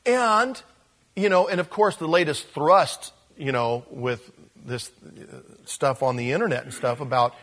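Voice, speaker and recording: A man's voice: on the high side, a little slow, fairly bright tone. A man preaching a conversational sermon, acting out bits of dialogue as he explains scripture. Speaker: pastor.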